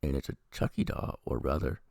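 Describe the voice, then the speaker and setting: A man's voice: rumbling low, brisk, gravelly, a little mellow, dry recording, clean studio sound. A man giving a rambling, profane, casual recap and review of a TV episode. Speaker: TV review vlogger.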